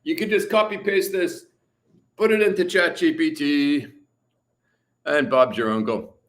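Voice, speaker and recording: A man's voice: a little high, steady tone, measured pace, a bit bright. A man from Canada chatting casually on a livestream, reading viewer comments and rambling with many fillers. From British Columbia, Canada. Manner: chatty, rambling, lots of "you know" and "uh". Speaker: livestream host. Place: hot room at home with a fan.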